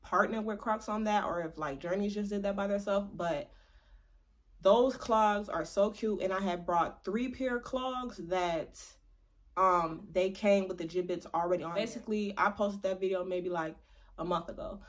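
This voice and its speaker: Young woman vlogger, chatty and playful, drags words out for emphasis, average pitch. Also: moderate pace. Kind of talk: casual vlog chat to camera.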